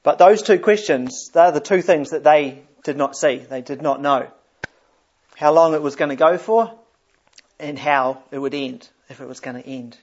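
A man's voice: fairly high pitch, normal speed. Man preaching a conversational sermon. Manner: conversational, repeats words while thinking. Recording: dull lo-fi sound.

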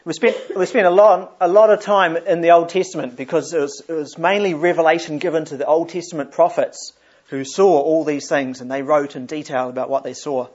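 A man delivers a sermon with a fairly high voice. He talks in a conversational way and restarts phrases as he goes. The recording sounds dull and lo-fi. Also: fairly even intonation, a little fast, darkish tone. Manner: conversational, repeats words while thinking. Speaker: preacher.

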